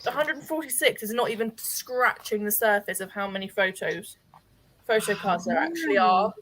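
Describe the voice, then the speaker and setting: A woman chatting casually with friends, talking fast and loose with lots of filler words. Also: mid-range voice, expressive, a bit bright, slight background noise. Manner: chatty, peppers talk with "like". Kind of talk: casual chat among friends.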